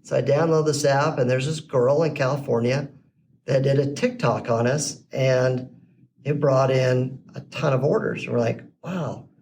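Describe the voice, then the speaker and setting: A middle-aged podcast guest speaks at normal speed in a mid-range voice, casually telling his business story. He's an animated storyteller who acts out the quoted dialogue, and the slightly distant mic catches faint background noise.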